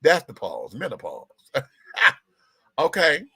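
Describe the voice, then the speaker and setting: Guy hosting a gossip stream, sassy and salty, bright voice, swings up and down, dry sound. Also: medium pitch, huge pitch swings, takes it slowly, vocal fry, husky, dry recording. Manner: sassy, profane, theatrical; talks to the audience while fixing tech. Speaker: show host. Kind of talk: live-stream gossip commentary.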